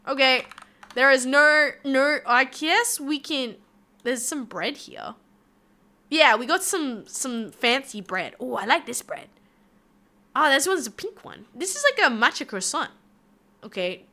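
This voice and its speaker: A woman's voice: sits high, animated, unhurried, pushed and bright. A young woman VTuber chatting playfully with her stream chat while she draws. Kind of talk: casual live-stream chat.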